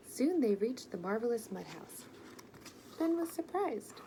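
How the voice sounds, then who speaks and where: A woman gently and expressively reading a children's picture book aloud. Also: on the high side, sing-song, measured pace, a little hiss or hum, poor audio. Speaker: storyteller.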